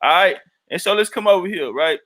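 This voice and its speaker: High, bright-voiced livestream host. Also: male voice, animated, a little fast. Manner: profane, rambling, reads chat aloud. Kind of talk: casual livestream chat.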